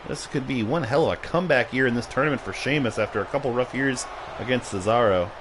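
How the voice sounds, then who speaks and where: A man's voice: medium pitch, fast talker, noisy background. A man hosting a livestream, casually commentating a video game match, rambling and joking, laughing often and swearing, a little tipsy and punchy.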